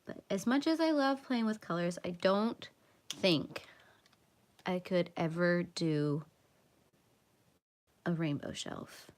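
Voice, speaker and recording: A woman's voice: on the low side, slow pace, long pauses, a little mellow. A young adult woman hosting a casual coloring livestream, chatting in a rambling, self-mocking way with lots of repeats. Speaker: livestream host.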